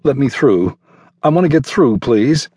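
A man's voice: mid-range voice, lively intonation, unhurried, warm tone, slightly rough, no echo, pitched above the performer's own voice. A man voicing a nervous young schoolboy.

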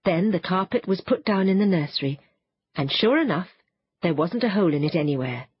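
Expressive, breathy woman reading a storybook. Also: on the low side, brisk, no echo, dull audio. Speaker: audiobook narrator. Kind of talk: children's storybook narration.

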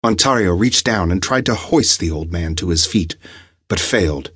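Deep, husky audiobook narrator. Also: male voice, animated, normal speed, a bit bright, no room sound, studio quality. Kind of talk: scripted narration.

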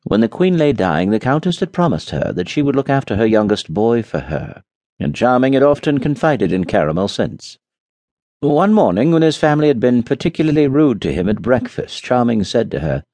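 A man narrating a fairy-tale audiobook in an expressive storytelling way. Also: lowish voice, a little fast, no room sound.

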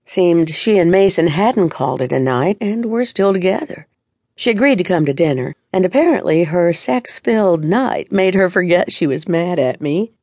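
A woman's voice: fairly low pitch, expressive, normal speed, darkish tone, no echo. A woman narrating a first-person romance audiobook in an intimate, confiding way on a close studio mic.

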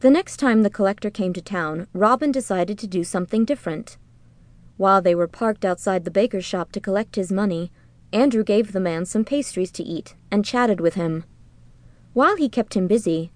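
A woman's voice: mid-range voice, dry recording. Woman narrating a storybook, dry close voice. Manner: even, measured storytelling. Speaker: audiobook narrator. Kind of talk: scripted narration.

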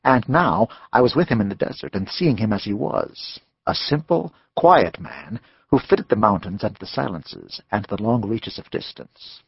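A man narrating a western novel as an audiobook, in a measured storytelling manner. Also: on the low side, lively intonation, creaky, husky, no echo, dull audio.

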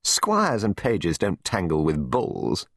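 A man's voice: low voice, huge pitch swings, slow, a bit bright, dry recording, studio quality, exaggerated voice. A man voicing a haughty young squire who talks down to others. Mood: scornful. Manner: contemptuous, dismissive.

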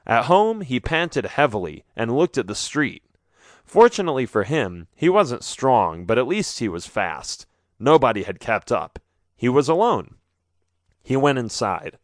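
A man reads a children's story aloud, animated and expressive. His pitch rises and falls freely through each sentence. The studio sound is dry and close. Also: a little slow, no echo. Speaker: audiobook narrator. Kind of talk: scripted narration of a children's story.

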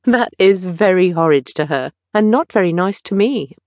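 A woman voicing a petulant young gentleman. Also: lowish voice, animated, normal speed, no echo, natural voice. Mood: petulant eager.

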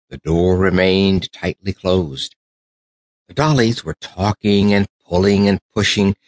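A low-pitched male narrator reading a children's storybook, his voice rising and falling with lively, animated shape. The sound is dry and close, with no room around it. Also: no room sound. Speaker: audiobook narrator.

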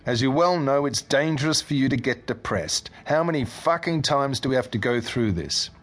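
A man's voice: medium pitch, animated, moderate pace, soft background music, pitched above the performer's own voice, close to an everyday voice. A man voicing an irritable, swearing husband in a storybook reading. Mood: exasperated. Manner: exasperated, swearing. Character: irritable, crude middle-aged husband.

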